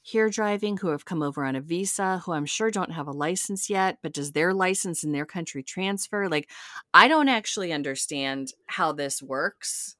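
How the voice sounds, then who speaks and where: A woman's voice: on the low side, lively intonation, moderate pace, fairly bright tone, no echo, clean studio sound. A woman podcast co-host chatting casually as she recaps a reality show, acting out quotes with big jumps in voice.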